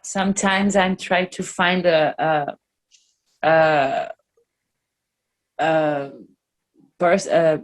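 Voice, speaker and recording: Slow, halting woman. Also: sits low, a little hiss or hum. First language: Portuguese. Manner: searching for English words, halting and frank. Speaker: musician interviewee. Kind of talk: casual interview.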